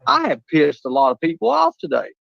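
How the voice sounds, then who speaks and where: Gravelly-voiced man rambling on a stream. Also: on the high side, wildly swooping pitch, brisk, no room sound. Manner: rambling, stammers and restarts. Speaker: livestream co-host. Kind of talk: casual livestream chat. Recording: dull lo-fi stream audio.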